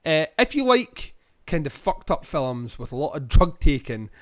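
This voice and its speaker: A Scottish man co-hosting a podcast, giving a rambling film review full of ums and pauses. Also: on the high side, very animated, fairly bright tone, no room sound, studio quality. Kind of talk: casual film review chat.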